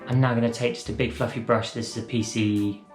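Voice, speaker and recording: A man's voice: mid-range voice, level tone, brisk. A man chatting through a drag makeup tutorial at home, rambling, correcting himself and playful. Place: room at home. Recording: roomy echo, faint music.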